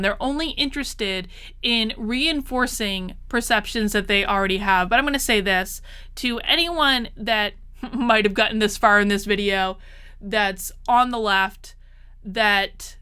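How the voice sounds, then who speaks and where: A woman with a smooth voice on the high side and a sharp tone delivers a casual monologue straight to her viewers. She's a political commentary vlogger, clearly exasperated and repeating points to stress them.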